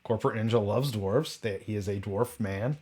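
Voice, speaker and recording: A man's voice: fairly low pitch, normal speed, a little mellow, husky. A man hosting a casual roundtable chat, rambling through tangents and rhetorical questions and often restarting and correcting himself. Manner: frequent restarts and self-corrections.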